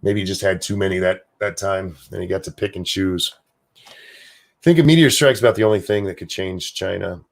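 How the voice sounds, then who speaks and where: A man's voice: low-pitched, a little fast, gravelly. A man from the United States hosting a livestream, rambling casually and cursing freely as he reads out viewer comments. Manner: rambling, profane, offhand. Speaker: livestream host.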